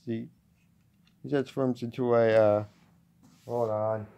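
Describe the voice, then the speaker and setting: A man casually reviewing a toy at home, talking in a halting way with many restarts. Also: medium pitch, little pitch movement, gravelly, dark tone, clean tone, dull audio. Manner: halting, with frequent restarts and fillers.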